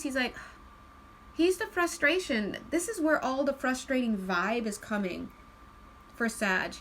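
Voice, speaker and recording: A woman giving a casual spiritual card reading, chatty and laughing often, slowing into a calm tone at times. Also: on the high side, slight background noise, poor audio. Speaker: tarot card reader.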